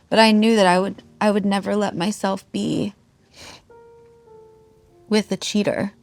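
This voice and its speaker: A woman's voice: mid-range voice, little pitch movement, unhurried, vocal fry, long pauses, faint music behind. A woman in her thirties, a musician, candidly telling a raw personal story, heartfelt and swearing freely. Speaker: guest musician.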